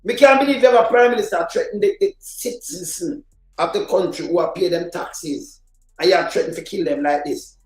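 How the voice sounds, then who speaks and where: A man's voice: high-pitched, expressive, brisk, soft background music. Fired-up Jamaican man with a roomy echo. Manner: fired-up, sometimes shouting, mixes patois and English. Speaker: live-stream commentator. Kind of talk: heated political commentary on a live stream.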